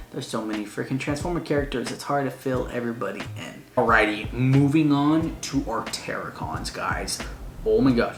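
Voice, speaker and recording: Male movie reviewer, mid pitch, gushing fan energy, echoey room. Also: moderate pace. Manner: gushing, excitable fan talk with slang. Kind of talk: casual spoiler review. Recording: roomy echo, faint noise.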